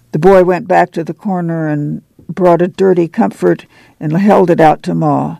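A woman narrating an audiobook in a steady reading voice. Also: lowish voice, moderate pace, gravelly, no room sound.

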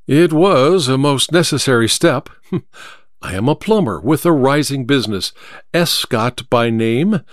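A man reading an audiobook, voicing a cool, confident male detective who speaks in a crisp, amused, measured way. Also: medium pitch, lively intonation, dry recording, clean studio sound, natural voice.

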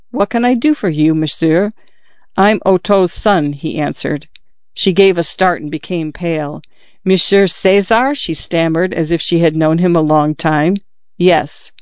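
A man narrating a novel aloud in a measured, steady storytelling manner. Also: on the high side, no echo. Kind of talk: audiobook reading of a novel. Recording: dull lo-fi dry recording.

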